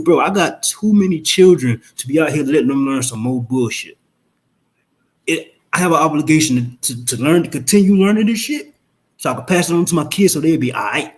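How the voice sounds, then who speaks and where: Profane, emphatic man ranting on stream. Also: fairly high pitch. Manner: profane, emphatic, rhetorical questions; fast rambling outbursts. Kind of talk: casual live-stream rant.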